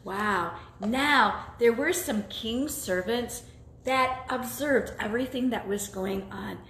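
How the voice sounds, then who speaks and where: A woman's voice: a little high, slow, a bit bright. A woman co-hosting a children's church lesson, telling the story in an encouraging way. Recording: echoey room, phone camera.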